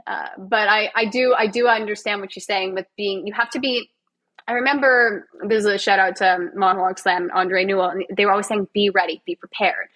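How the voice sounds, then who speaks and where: A woman's voice: mid-range voice, steady tone, brisk, fairly bright tone, poor audio. A woman, a physiotherapist and actor, guesting on a podcast in casual, self-mocking, sarcastic chat.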